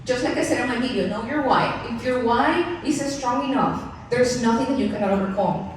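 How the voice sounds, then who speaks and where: A woman's voice: a little high, fairly quick, slight background noise. A woman in her thirties giving a candid, personal storytelling speech to an event audience, often laughing and turning to the crowd with asides. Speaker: keynote speaker. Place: large event venue. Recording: echoey hall mic from far off.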